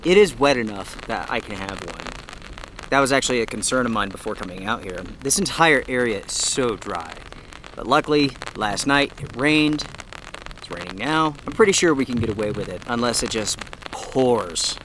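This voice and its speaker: A man's voice: mid-range voice, moderate pace, rough recording. A man from North Carolina talks casually to viewers while camping in the woods, out of breath at times. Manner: easygoing, chatty, addresses viewers directly. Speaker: outdoor vlogger. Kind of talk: casual vlog narration to camera. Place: outdoors under a tarp in a rainy forest. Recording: outdoor camera mic with steady rain noise. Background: rain falling on a tarp.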